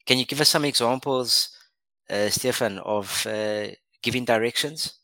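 A man's voice: medium pitch, unhurried, sharp tone, dry recording, rough recording. A man co-hosting an English lesson podcast, encouraging and praising often, with many uh fillers. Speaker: podcast co-host.

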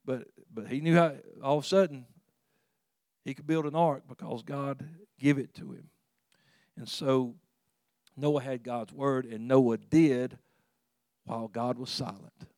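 Preaching earnestly but conversationally, this pastor frequently restarts his phrases and suddenly gets higher and louder when driving a point home. He speaks at an ordinary pitch with a darkish tone, a measured pace and frequent pauses. The sound is close and dry.

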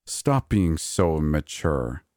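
A man reading as a sly, sinister male creature in a horror audiobook, speaking slowly and deliberately with a mocking edge. The voice is very deep, and the recording is dry and close, with no room sound. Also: sing-song, darkish tone, no room sound, full character voice. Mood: smug, scheming.

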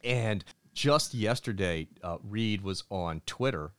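Low-pitched guy gushing on a podcast, keeps restarting, dry close sound. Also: lively intonation, takes it slowly, a bit bright, clean tone, no echo. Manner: enthusiastic, emphatic, with many restarts. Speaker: podcast co-host. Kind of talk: casual podcast chat.

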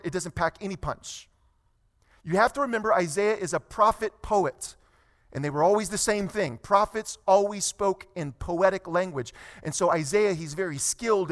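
Pastor, male, higher register, sermon delivery: slow scripture reading, emphatic teaching. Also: fairly bright tone. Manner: reads scripture slowly, then preaches with rising emphasis.

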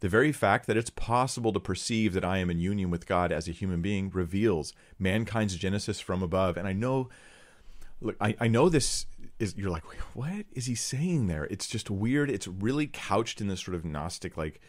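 A man's voice: deep voice, moderate pace. A man giving blunt, sarcastic Bible commentary to his viewers, reading verses and critiquing a teaching.

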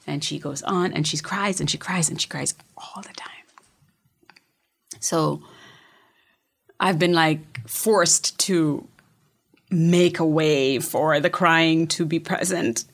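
A middle-aged woman with a low, gravelly voice that turns husky and breathy as she talks. She tells a personal story in a relaxed, reflective way and often drops into a near whisper. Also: a little slow. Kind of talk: casual storytelling chat.

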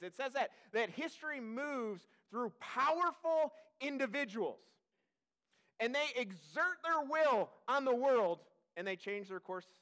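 High-voiced man preaching conversationally. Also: a bit bright. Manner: conversational, self-deprecating storytelling with asides to the congregation. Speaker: pastor. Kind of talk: sermon. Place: church service.

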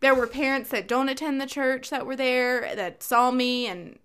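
A woman's voice: sits high, normal speed, smooth. A woman in her thirties co-hosting a casual podcast chat, telling stories animatedly and acting out the quotes. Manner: animated storyteller, acts out quotes. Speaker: podcast co-host.

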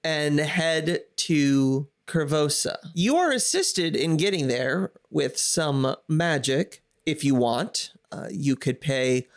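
A man's voice: fairly high pitch, lively intonation, slow, few pauses. Man narrating as game master.

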